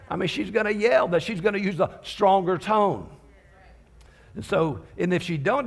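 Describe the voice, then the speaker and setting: A man's voice: sits high, moderate pace. A man preaching a sermon as a visiting pastor, talking conversationally with restarts and light teasing.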